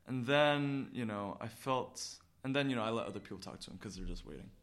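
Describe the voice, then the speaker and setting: A man's voice: medium pitch, expressive, brisk, fairly bright tone. A man telling a long story on a casual podcast, full of restarts and rambling asides. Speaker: podcast co-host. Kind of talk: casual chat.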